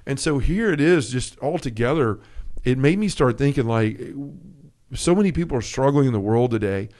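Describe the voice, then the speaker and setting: Animated man telling a story on a podcast. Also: medium pitch, moderate pace. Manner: animated storyteller, acts out quotes. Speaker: podcast co-host. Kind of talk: casual faith podcast chat.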